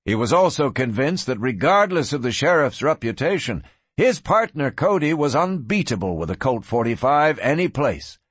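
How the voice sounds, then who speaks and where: A man giving a measured, scripted audiobook narration of a western story. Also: mid-range voice, fairly bright tone, slightly rough, no echo.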